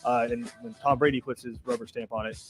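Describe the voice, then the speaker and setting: A man from the American South hosting a casual sports talk show, giving fast, opinionated takes. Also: medium pitch, steady tone, faint music behind.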